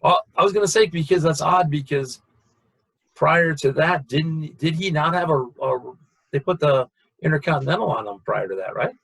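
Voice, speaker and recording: A man's voice: fairly high pitch, expressive, moderate pace, gravelly, a bit bright, husky, poor audio. A man hosting an interview, asking hesitant, conversational questions. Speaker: podcast host.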